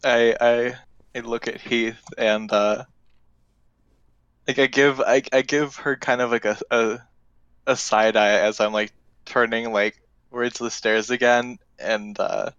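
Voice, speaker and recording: A man playing a tabletop game who talks haltingly with stammered restarts. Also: mid-range voice, fairly even intonation, fairly bright tone, smooth, no room sound, muffled recording. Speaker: player. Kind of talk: casual tabletop play.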